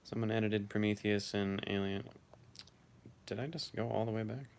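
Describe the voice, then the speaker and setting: A man's voice: fairly low pitch, fairly even intonation, normal speed. A man hosting a casual live stream, reading viewers' messages aloud and answering them offhandedly.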